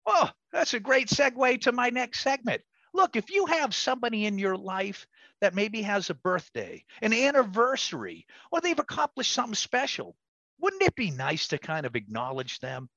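A middle-aged male host with a gravelly, bright voice swings his pitch all over as he hypes his guest and segments. He often trips and restarts mid-sentence. The sound is dry and a little dull. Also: sing-song, moderate pace, dry recording. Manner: enthusiastic, promotional, self-correcting. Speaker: radio show host. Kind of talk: casual radio talk.

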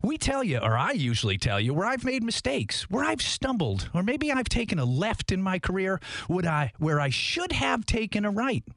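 A man's voice: high-pitched, moderate pace, creaky, dry recording. Middle-aged guy hosting radio, pumped up and motivational, dry close sound, talks right at the listener. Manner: energetic, motivational, addresses listeners directly. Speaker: radio show host. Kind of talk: upbeat radio show talk. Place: radio studio.

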